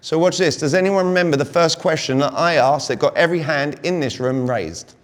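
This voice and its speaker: A British man coaching a live audience, talking energetically and quizzing the room with rhetorical questions. His voice sits a little high for a man. A long hall reverb trails behind his words. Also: fairly quick. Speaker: communication coach speaking to a sales audience. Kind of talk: live seminar talk.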